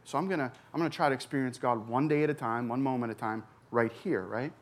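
A recovery pastor in his forties shares his personal story from a church stage in a mid-range voice. He speaks earnestly but haltingly, with many fillers and restarts.

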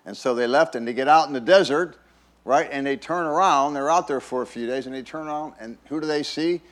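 A man's voice: fairly high pitch, fairly quick. A man preaching a conversational sermon as a pastor, folksy and chatty, often repeating words and checking in with "right?".

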